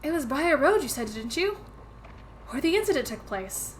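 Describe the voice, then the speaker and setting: A woman's voice: sits high, big pitch swings, moderate pace, slight background noise, pitched above the performer's own voice. A woman voicing a gossipy, cheeky young British man in a video game, her accent slipping into a Southern drawl. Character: chatty British street lad, gossipy and cheeky.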